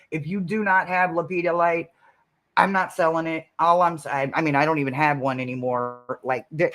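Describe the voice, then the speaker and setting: A woman from the St. Louis area, a psychic reader hosting her channel, telling an excitable, rambling story with laughs and the odd curse word. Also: low-pitched, normal speed. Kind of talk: casual storytelling on a livestream.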